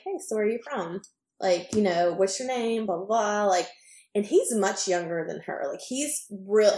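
A woman's voice: medium pitch, roomy sound. A woman podcast co-host telling a casual anecdote, rambling with lots of fillers as she acts out what people said. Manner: rambling, filler-heavy, animated retelling.

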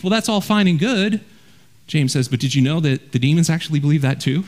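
A man preaching a verse-by-verse sermon as a pastor, earnest and direct, often dropping low and quiet to drive a point home. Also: brisk. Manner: earnest preaching, drops low and quiet for emphasis, repeats words when restarting.

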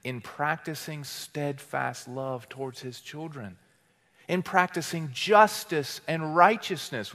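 Emphatic preaching man, echoing hall. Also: high-pitched. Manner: emphatic preaching, swinging from loud declarations to quiet asides; rhetorical questions to the congregation. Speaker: teaching pastor. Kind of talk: sermon. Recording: long hall reverb.

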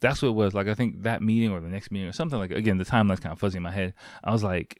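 A man's voice: fairly low pitch, very fast, few pauses, dry recording, clean studio sound. A man casually telling a long story, rambling with lots of fillers, restarts and casual swearing.

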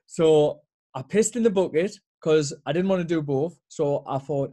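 A man's voice: a little high, normal speed, mellow. A young man with a Geordie accent, co-hosting a podcast and telling crude stories with a laugh. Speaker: podcast co-host. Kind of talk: casual chat.

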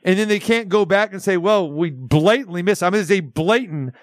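Brief: male sports radio host, high pitch, animated ranting, dry close mic. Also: fairly quick, no room sound. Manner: animated ranting, acts out quotes.

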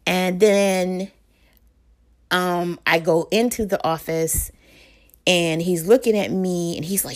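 A woman's voice: lowish voice, steady tone, slow. A woman in her thirties or forties, a mother talking through parenting advice in a casual, conversational way, with fillers and self-corrections. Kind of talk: casual advice talk to camera.

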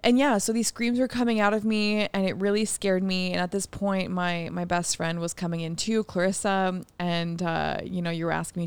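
A young woman speaks in a lowish voice, telling a story in a frank, unfiltered way. She swears freely and laughs often while she talks. Her voice sounds close and dry, with no room sound. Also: level tone, brisk, few pauses, clear, resonant tone, no echo. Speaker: podcast co-host. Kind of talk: candid storytelling chat.

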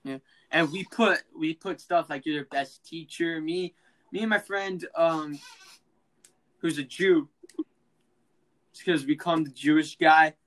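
Excitable teenage boy, slangy and loud. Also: a little high, a little slow, long pauses, poor audio. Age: teens. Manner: excitable, laughing, slangy, acts out voices. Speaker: podcast host. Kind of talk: casual storytelling chat.

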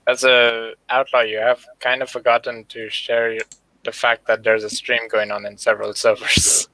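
A man's voice: mid-range voice, little pitch movement, moderate pace, vocal fry, sharp tone, poor audio. A man co-hosting a stream in casual chat, with a dry, correcting manner.

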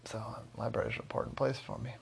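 A man's voice: mid-range voice, level tone, racing, gravelly, a little hiss or hum. A man doing a brash, careless friend. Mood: offhand.

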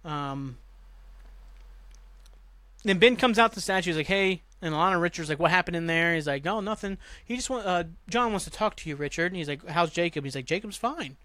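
A man hosting a podcast, casually recapping a TV episode in a rambling way, swearing and jumping into quick voices for the characters. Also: sits high, animated, bright, forceful tone, no room sound. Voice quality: rambling, swears, acts out lines with quick voice jumps. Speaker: podcast host.

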